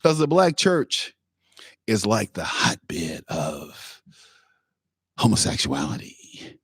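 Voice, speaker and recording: A male talk show host from Michigan delivering an opinion monologue, sarcastic and animated, often laughing at his own points. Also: fairly low pitch, slow pace, breathy edge, no echo, studio quality. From Pontiac, Michigan, USA.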